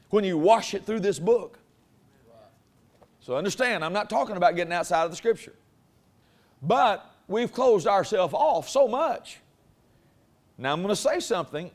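Casting: male preacher, high voice, homespun conversational sermon delivery that swells with conviction. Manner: folksy, conversational preaching that builds in force. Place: church before a congregation.

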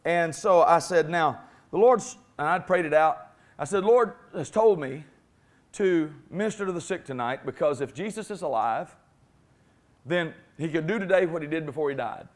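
High-voiced, emphatic male preacher. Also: lively intonation, normal speed. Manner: emphatic, repeats phrases, calls for congregation response. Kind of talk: sermon.

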